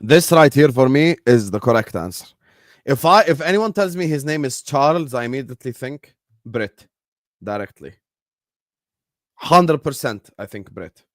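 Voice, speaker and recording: Animated joking man streaming to chat. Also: mid-range voice, moderate pace, no room sound, studio quality. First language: Arabic. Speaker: football watchalong streamer. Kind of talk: casual live-stream chat.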